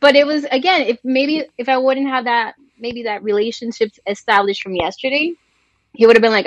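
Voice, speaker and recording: A guest sports journalist from Colombia, this woman talks a little fast in a voice on the high side during a casual interview chat. She's animated, voicing the people in her stories, and the audio is dull with no room sound.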